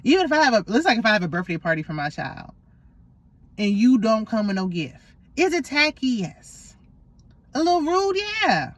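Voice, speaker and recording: A woman talks through a reality show recap in a sassy, animated, gossipy way, full of slang. Her voice sits on the high side. The sound is dry and close, with no room echo. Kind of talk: casual opinionated recap chat.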